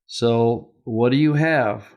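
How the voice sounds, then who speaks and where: Slow, methodical male Greek teacher. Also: mid-range voice, darkish tone. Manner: methodical, asks rhetorical questions. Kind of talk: verse-by-verse Greek grammar lesson.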